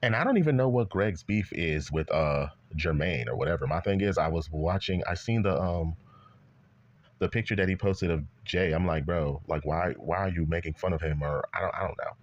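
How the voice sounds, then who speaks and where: A man's voice: low voice, animated, moderate pace, muffled recording. A man, ranting heatedly in online commentary, cursing often and circling back to the same points. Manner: heated, profane, repetitive rant.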